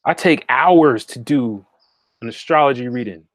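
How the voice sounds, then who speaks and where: A male livestream host and spiritual consultant speaks a little slowly in a mid-range voice, chatting casually with viewers from his home meditation room. He addresses them directly, repeats things, and often checks in with "okay?", recorded with clean studio sound and no echo.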